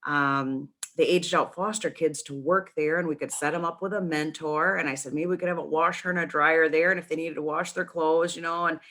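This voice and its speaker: A middle-aged woman, a nonprofit founder and interview guest, chatting and telling a long story with animated restarts. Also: deep voice, brisk, hardly any pauses.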